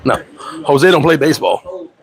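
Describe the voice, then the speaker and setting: A man's voice: wildly swooping pitch, moderate pace, vocal fry. A man hosting a casual live chat, telling loose, profane stories full of slang and talking to friends by name. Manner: acts out quoted voices, swings pitch up high; talks to viewers and friends by name. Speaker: host.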